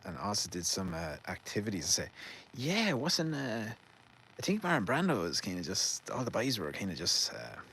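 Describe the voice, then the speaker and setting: A man's voice: deep voice, bright, forceful tone, a little hiss or hum, rough recording. An Irish man vlogging outdoors in a garden, telling a loose, sweary anecdote in a casual rambling way, laughing and fumbling over names. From Ireland.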